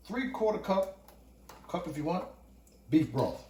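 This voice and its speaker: A man's voice: medium pitch, big pitch swings, normal speed, long pauses, a little mellow, far from the mic. A man hosting a home cooking video, chatting playfully with his viewers as he cooks. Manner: chatty and playful, talks to the audience as "cooks" and "y'all". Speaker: home cooking channel host. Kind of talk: casual cooking vlog. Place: home kitchen. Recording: echoey kitchen, voice off-mic, faint room noise.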